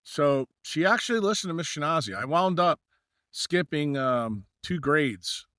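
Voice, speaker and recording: A man's voice: fairly high pitch, animated, a little slow, fairly bright tone, smooth, no room sound, studio quality. A middle-aged man from New York, a podcast guest telling long anecdotes with many fillers and acted-out dialogue. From New York, USA. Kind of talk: storytelling in a podcast interview.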